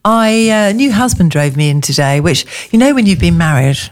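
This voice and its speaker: A woman co-hosting a radio show in a studio, chatting in a rambling, warm-hearted way. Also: fairly low pitch, lively intonation, moderate pace. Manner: chatty, rambling, laughs often. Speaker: radio co-host. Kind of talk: casual radio chat.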